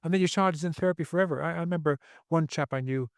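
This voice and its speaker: A man's voice: a little high, racing, no room sound. Earnest preachy man, dry sound. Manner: earnest, preachy, repeats phrases for emphasis. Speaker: podcast guest, author. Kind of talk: podcast interview.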